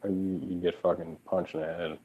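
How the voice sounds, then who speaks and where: A man's voice: deep voice, level tone, normal speed. A man in casual chat, a laid-back recording engineer who swears freely and mumbles. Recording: dull lo-fi sound.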